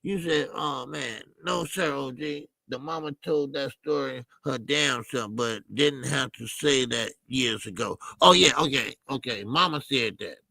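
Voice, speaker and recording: A man's voice: medium pitch, a little slow, gravelly, hardly any pauses, bright, forceful tone, dry recording. A man hosting a boxing channel, chatting casually and animatedly with his live chat, full of fillers and restarts. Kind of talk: casual live-stream commentary.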